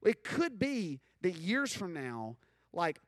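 Guy in his 30s rambling and joking to students, kinda high voice, dry mic. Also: sing-song, takes it slowly, fairly bright tone, dry recording. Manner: conversational, joking, lots of "like" and "um". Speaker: speaker addressing students. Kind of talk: casual talk to a live audience.

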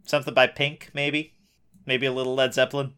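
A man's voice: mid-range voice, level tone, brisk, pushed and bright, clean tone. A man co-hosting a casual recap chat, riffing on the plot with sarcastic asides. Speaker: podcast co-host.

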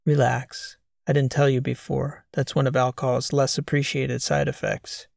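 A man reading the lines of a brisk, teasing young woman who is in charge, in a dry, matter-of-fact way. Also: medium pitch, little pitch movement, creaky, darkish tone, no room sound. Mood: wry matter-of-fact. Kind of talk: audiobook character voice.

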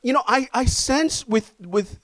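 A man with a fairly high voice preaches a sermon, telling a lively, self-deprecating story to his congregation. The sound is close and dry, with little room echo. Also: a little slow. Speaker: pastor. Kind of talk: sermon with humorous personal story.

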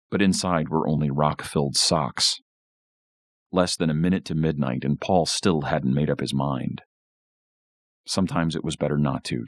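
A man hosting a podcast, reading a horror story aloud with expressive storytelling. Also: very deep voice, no room sound, studio quality. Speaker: podcast host.

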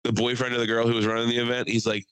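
A young man co-hosting a podcast in casual chat, an animated, rambling storyteller who swears freely. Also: medium pitch, racing, clear, resonant tone, dry recording, poor audio. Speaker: podcast co-host.

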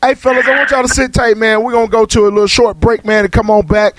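Sports radio host, man, high voice, dry close sound, loose and laughing. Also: flat delivery, fast talker, a bit bright, no room sound. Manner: laughs often, loose and chatty. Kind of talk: casual sports talk.

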